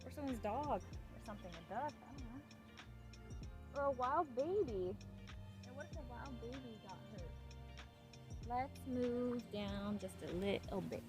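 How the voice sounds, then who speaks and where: A young woman live-streaming herself fishing from a pond shore, chatting playfully to her viewers and getting loudly excited over a big catch. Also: on the high side, measured pace, long pauses, music in the background. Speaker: fishing vlogger. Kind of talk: casual live-stream chat.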